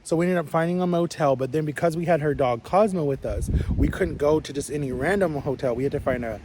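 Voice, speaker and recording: A man's voice: on the high side, quick pace, noisy background. A man in his thirties telling a rambling, chatty story to camera, full of "like" and restarts. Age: 30s. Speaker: vlogger.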